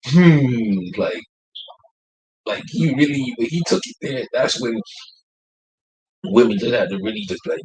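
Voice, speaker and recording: A man co-hosting a casual podcast, talking in a loose, profane, animated way and acting out the people he quotes. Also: medium pitch, normal speed, slightly rough, poor audio. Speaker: podcast co-host.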